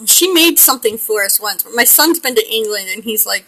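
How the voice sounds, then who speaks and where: Chatty bright-voiced middle-aged woman. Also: on the high side, lively intonation, moderate pace, rough recording. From United States. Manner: chatty, rambling, laughs often. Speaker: pet portrait artist. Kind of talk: casual chat while painting.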